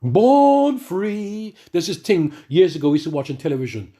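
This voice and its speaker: Man, middle-aged, husky, higher pitch, animated ranting monologue, repetitive restarts. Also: very fast. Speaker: religious speaker addressing the brethren. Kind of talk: ranting monologue with scripture reading.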